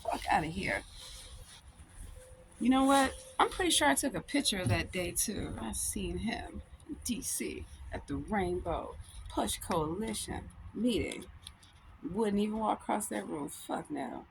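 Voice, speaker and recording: A woman's voice: medium pitch, animated, measured pace, vocal fry. A woman in a casual rant to camera, blunt and profane, laughing often, talking as a law student and comedian. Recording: noisy with vehicle sounds behind.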